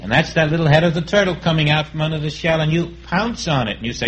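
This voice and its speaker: Man, sermon, calm and reflective, acts out inner dialogues, a touch high-pitched. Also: brisk, few pauses, low-quality recording. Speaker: spiritual teacher.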